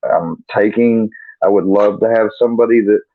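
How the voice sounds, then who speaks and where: A man's voice: lowish voice, moderate pace, no room sound. A man hosting a live stream, chatting casually and bluntly to his viewers with plenty of swearing. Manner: laid-back and profane, talking straight to viewers. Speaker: livestream host. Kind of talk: casual livestream chat. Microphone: laptop mic. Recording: dry, tinny phone-like sound.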